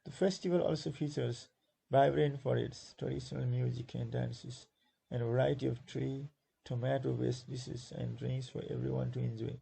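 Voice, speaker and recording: Gravelly, husky Nepali-accented male teacher. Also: mid-range voice, steady tone, mellow, poor audio. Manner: repeats words slowly to stress syllables, with many fillers; switches into Nepali to explain. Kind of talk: exam-prep lesson explaining a textbook.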